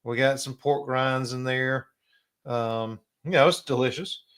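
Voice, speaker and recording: A middle-aged man with a South Carolina accent hosting a casual live stream, chatty and drawling, often clearing his throat. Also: mid-range voice, fairly even intonation, measured pace, fairly bright tone. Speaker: host.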